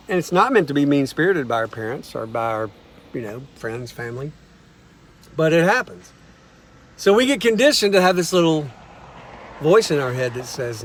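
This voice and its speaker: A man, a songwriter, telling stories in a relaxed, folksy way and acting out the voices of the people in them. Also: on the high side, normal speed, pauses often. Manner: folksy, acts out quoted voices. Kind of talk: casual storytelling monologue.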